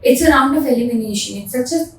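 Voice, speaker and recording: A woman's voice: high-pitched, fast. A woman with an Indian English accent, a furniture designer answering interview questions in an emphatic, passionate way, often repeating words. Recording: roomy, distant mic with faint noise.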